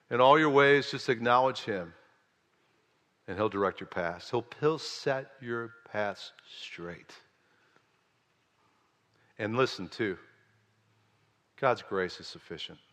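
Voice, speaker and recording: A man preaching a sermon as pastor, going from quiet storytelling to loud, rising exhortation. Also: mid-range voice, measured pace, long pauses, long reverb tail. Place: church sanctuary.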